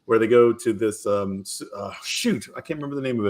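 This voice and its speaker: Middle-aged guy hosting a podcast, rambles and restarts a lot, gets animated telling stories. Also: on the low side, brisk. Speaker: podcast host. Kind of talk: casual chat.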